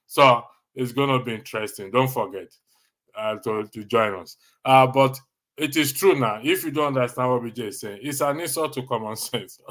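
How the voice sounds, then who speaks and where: Reading viewer comments on his casual live stream, a Nigerian host jokes and teases with frequent laughter. His mid-range voice sounds pushed and bright.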